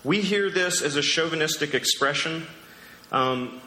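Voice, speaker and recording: A man's voice: on the high side, a little slow, pushed and bright, slight background noise. A man preaching a sermon as pastor, casual and conversational with joking asides. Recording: echoey hall with long reverb.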